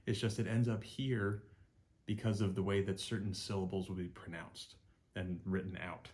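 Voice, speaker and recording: A man with a fairly low voice teaches Mandarin pronunciation in an upbeat spoken lesson. He repeats each sound several times and praises the learner often. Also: a little mellow.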